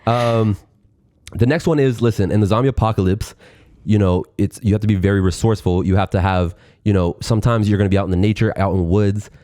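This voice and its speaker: A man co-hosts a podcast, chatting casually and joking and laughing a lot. His voice is on the low side and mellow, and he talks quickly. The sound is clean studio quality with no echo.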